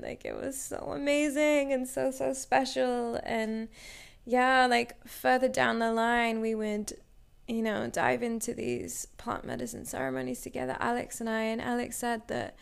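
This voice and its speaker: A young adult woman with a slightly high, gravelly voice and a clear, resonant tone casually tells a personal story. She's chatty and says "like" constantly, acting out what people said to her.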